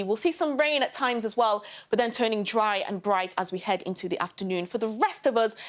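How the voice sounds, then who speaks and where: A woman presents the evening weather on television in a chatty, personable way. She fills the forecast with friendly asides and corrects herself lightly. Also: mid-range voice. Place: television studio.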